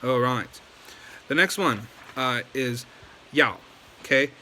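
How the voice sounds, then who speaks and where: A man's voice: mid-range voice, a little slow, bright, forceful tone, a little hiss or hum. Chatty man teaching casually. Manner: loose and chatty, many ums and likes. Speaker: language teacher. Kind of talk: casual video lesson.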